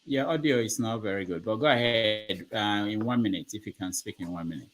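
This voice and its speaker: A man hosting an online panel, briskly passing the floor to speakers. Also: fairly low pitch, a crowd in the background. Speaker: host. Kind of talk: moderating a panel.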